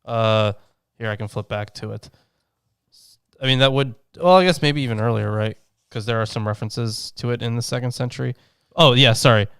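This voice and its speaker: A man co-hosts a casual podcast, reading scholarly commentary and tossing in profane jokes. His mid-range voice is fairly bright, clear and resonant, a little fast, captured in clean studio sound with no room echo.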